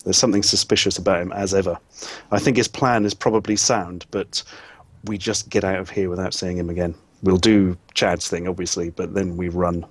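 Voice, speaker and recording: A man's voice: low voice, level tone, a little fast, hardly any pauses, husky, dry recording. A man with a wry, suspicious manner, talking casually through a tabletop game plan. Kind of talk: casual in-character planning chat.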